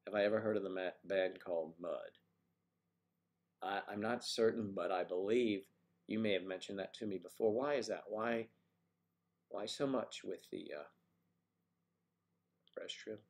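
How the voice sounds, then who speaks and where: A man's voice: moderate pace, pauses often. An American man hosting a casual livestream from home, reading viewer comments with playful, teasing banter. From United States. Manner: playful, teasing, animated jumps in pitch. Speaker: livestream host.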